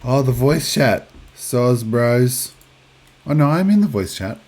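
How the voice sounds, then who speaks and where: A man's voice: mid-range voice, expressive, takes it slowly, darkish tone. A man in his thirties streaming a driving game, chatting casually, reading his chat aloud and answering it. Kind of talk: casual live-stream chat while playing.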